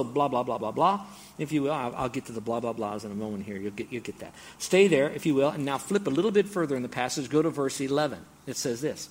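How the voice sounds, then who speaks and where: An older man preaching a sermon, animated, jumping up high and loud when excited and dropping low and quiet to teach. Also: fast, slightly rough. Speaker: pastor.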